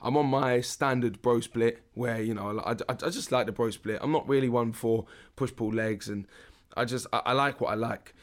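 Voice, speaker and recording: A man's voice: medium pitch, moderate pace. A man, hosting a casual podcast as a fitness coach, talking frankly with many restarts. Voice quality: husky. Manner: frank, rambling, lots of restarts and fillers.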